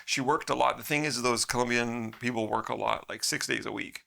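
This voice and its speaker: A man's voice: medium pitch, brisk, creaky. A middle-aged man telling a story as a podcast guest, rambling and laughing often. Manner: rambling, laughs often, animated when quoting. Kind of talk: casual storytelling.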